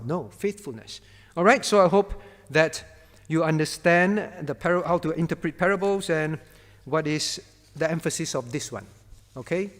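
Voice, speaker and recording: A man's voice: on the high side, normal speed, a bit bright, long reverb tail. A man as pastor teaching a Bible class, quizzing his students by name and hammering home his point through repetition.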